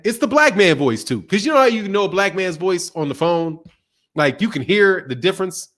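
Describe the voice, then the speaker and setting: A man's voice: high voice, lively intonation, normal speed, a bit bright. A young man hosting a boxing live stream in loose, laughing, profane banter while reading out chat messages. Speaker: boxing channel host.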